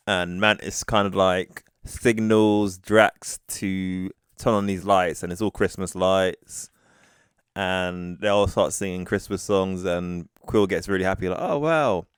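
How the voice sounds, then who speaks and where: A man's voice: deep voice, clean tone, no room sound, clean studio sound. A man co-hosting a casual podcast, retelling movie scenes and acting out lines. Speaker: podcast co-host. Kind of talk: casual film review chat.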